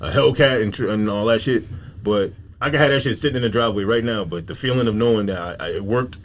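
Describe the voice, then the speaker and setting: Fast-talking man in casual comedy chat. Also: fairly low pitch, slight background noise. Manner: emphatic, profane, heavy slang.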